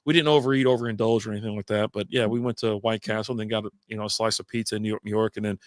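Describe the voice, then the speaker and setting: A man's voice: lowish voice, fairly even intonation, rapid-fire, no room sound, studio quality. An American man co-hosting a podcast in casual chat, rambling and laughing between stories. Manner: rambling, laughs often, full of fillers. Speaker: podcast co-host.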